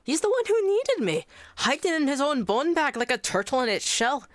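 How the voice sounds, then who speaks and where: A woman's voice: sits high, big pitch swings, normal speed, no echo, clean studio sound, pitched above the performer's own voice. A woman voicing a spiteful ancient female soul who taunts in archaic speech with a put-on accent. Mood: taunting.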